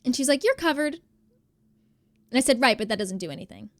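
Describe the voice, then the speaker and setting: A young woman, streaming live and telling a story to her chat, acting out the quotes in an animated, exasperated way. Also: high-pitched, fairly quick, no room sound.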